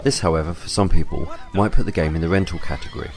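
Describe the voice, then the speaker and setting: A man reading a scripted game review voice-over in a measured, even way. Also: deep voice.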